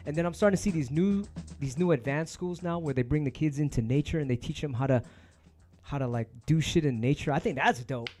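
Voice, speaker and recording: A man with a somewhat high-pitched voice rambles to his viewers in a loose, heated rant full of swearing and street slang. He talks like a host chatting off the cuff. Faint music plays behind him. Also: a little fast, a little mellow. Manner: emphatic, heated. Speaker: DJ and stream host.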